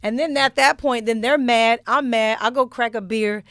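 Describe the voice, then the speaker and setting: A woman's voice: a little high, moderate pace, fairly bright tone, no room sound. A woman guest on a podcast, telling stories in a blunt, profane, casual way on a studio mic.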